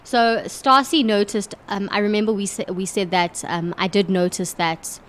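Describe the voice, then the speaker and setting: A woman's voice: mid-range voice, steady tone, moderate pace. A woman playing in a tabletop game, chatting playfully and making puns about her character's moves. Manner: playful, punning, self-interrupting. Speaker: player. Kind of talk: casual tabletop banter.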